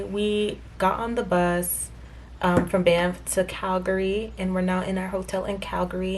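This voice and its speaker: Chatty young American woman vlogging. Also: on the low side. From United States. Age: young adult. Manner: chatty, many fillers, recounts dialogue indignantly. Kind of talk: casual storytelling to camera. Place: hotel room.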